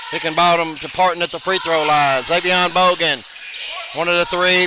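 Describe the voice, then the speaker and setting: Over the din of a noisy gym, a high-pitched male announcer delivers live basketball play-by-play. He keeps the calls rapid and erupts with excitement each time a shot goes in.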